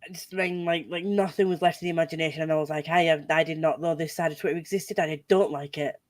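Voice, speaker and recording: A woman's voice: low voice, fast, dry recording. A woman hosting a casual group chat, telling stories with lots of laughter and swearing. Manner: laughing, swearing, animated storytelling. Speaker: host.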